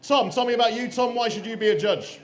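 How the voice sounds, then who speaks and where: A man with a very high-pitched, fast voice compères a live stand-up show on a comedy club stage, teasing the crowd with crude banter. The club is echoey, with a loud crowd laughing and cheering.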